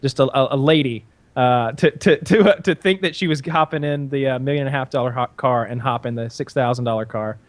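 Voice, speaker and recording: A man's voice: medium pitch, fairly quick, hardly any pauses, no room sound. A man co-hosting a podcast, rambling through a story in casual chat, with many fillers and restarts. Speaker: podcast co-host.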